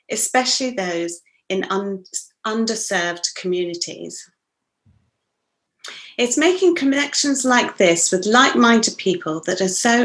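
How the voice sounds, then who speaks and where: A woman hosting an online interview, speaking in an earnest, measured way over a video call. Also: mid-range voice, a bit bright. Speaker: host and interviewer. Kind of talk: scripted introduction, then interview.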